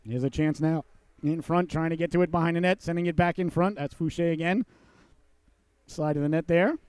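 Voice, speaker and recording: A man calling a youth hockey game play by play, folksy and joking, who breaks into shouts on big plays. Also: on the high side, steady tone, fairly quick, clean tone, dry recording. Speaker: play-by-play commentator.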